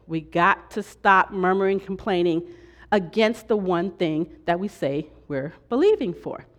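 A woman's voice: fairly low pitch, lively intonation, a little slow. A woman preaching and teaching a church class from slides. She acts out complaining voices and checks in with "right?" and "okay?".

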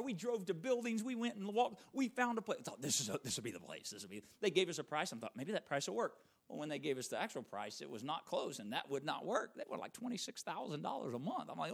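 A middle-aged man preaching a sermon, telling a personal story and swinging from loud emphatic peaks to hushed, near-whispered lines. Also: a little high, very animated, fast talker, gravelly, few pauses, breathy edge. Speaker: pastor.

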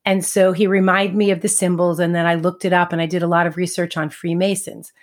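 A woman's voice: on the low side, flat delivery, brisk. A middle-aged woman co-hosting a podcast, telling a personal story in a chatty, casual way, acting out what people said. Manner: chatty, laughs between thoughts, acts out quotes. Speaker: podcast co-host and medium.

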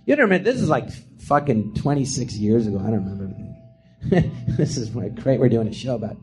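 A man's voice: mid-range voice, animated, fast, over music. A man, a comedian, telling stories in a loose, rambling way on a podcast, laughing often and acting out quotes. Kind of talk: casual storytelling chat. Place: live podcast theatre.

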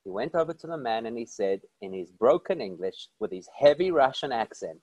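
A man speaking as a rabbi, telling stories in an animated, emphatic way and asking rhetorical questions. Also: mid-range voice, fairly quick, hardly any pauses, no room sound. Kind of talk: inspirational storytelling talk.

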